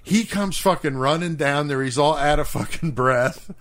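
A man's voice: a little high, moderate pace, a bit bright. A middle-aged man co-hosting a podcast, telling a story in casual, profane chat and laughing often. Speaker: podcast co-host.

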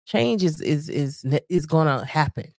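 A woman's voice: deep voice, animated, moderate pace, dry recording, clean studio sound. A woman co-hosting a casual podcast chat with her husband, talking emphatically and often asking if she is understood. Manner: emphatic, repeats "you know what I'm saying". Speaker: podcast co-host.

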